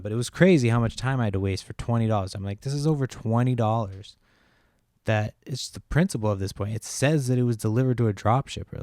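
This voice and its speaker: A man's voice: fairly low pitch, darkish tone, no room sound, clean studio sound. A man, hosting a podcast and telling a long exasperated story in a casual, profane, rambling way. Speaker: podcast host.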